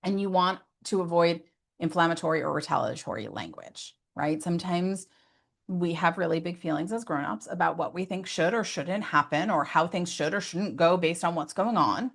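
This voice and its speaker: A woman's voice: on the low side, normal speed, vocal fry. A woman giving parenting advice in an earnest, conversational way, often adding "like" and "right?" as asides. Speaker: behavior specialist.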